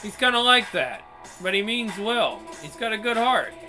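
A man reading game dialogue aloud in a wry, bemused, low-key way. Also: big pitch swings, moderate pace, bright, forceful tone, faint music behind. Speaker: game player.

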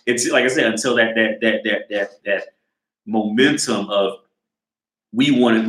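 A man's voice: mid-range voice, a bit bright. A man giving his opinion in a casual, rambling monologue, restarting often and swearing freely. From United States. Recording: roomy echo.

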